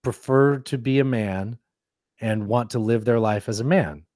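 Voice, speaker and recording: A man's voice: medium pitch, measured pace, darkish tone, no echo, studio quality. A man co-hosting a podcast, reacting to clips in casual chat with a riled-up, sarcastic manner and lots of restarts. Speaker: podcast co-host.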